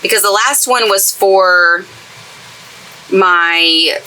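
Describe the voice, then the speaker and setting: Bright, chatty woman. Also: mid-range voice, drawn-out words, low-quality recording. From East Texas. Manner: chatty, gushing and enthusiastic. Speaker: craft channel host. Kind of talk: casual craft tutorial chat. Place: craft space in a camper trailer.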